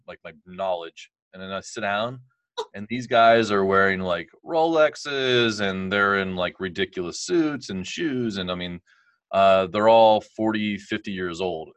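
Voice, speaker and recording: Deep-voiced man telling his story. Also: a bit bright, dry recording. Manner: candid, rambling storyteller who laughs often. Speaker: guest. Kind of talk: telling a life story in an interview.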